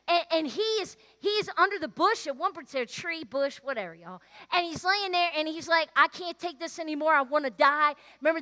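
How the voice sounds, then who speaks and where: A woman pastor preaching a sermon, animated and conversational, often calling out "come on" to her listeners. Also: very high voice. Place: church.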